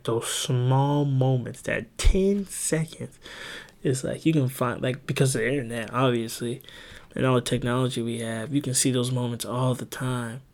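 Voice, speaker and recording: A young man hosting a podcast, telling rambling, profane stories in casual chat. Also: medium pitch. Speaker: podcast host.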